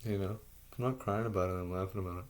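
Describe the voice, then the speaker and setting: A man in a profane, exasperated solo rant, firing off repeated rhetorical questions, his voice jumping up and getting louder in bursts, then sinking low and quiet. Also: steady tone, very fast. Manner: voice rises and gets louder in bursts, then drops low and soft. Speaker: vlogger. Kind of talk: ranting monologue to camera.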